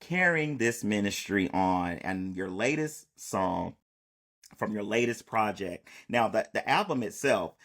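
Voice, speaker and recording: A man's voice: on the low side, expressive, measured pace, a bit bright. A man hosting a podcast, talking casually and affirmingly, often repeating key phrases back to his guest. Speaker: podcast host. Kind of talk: conversational podcast interview.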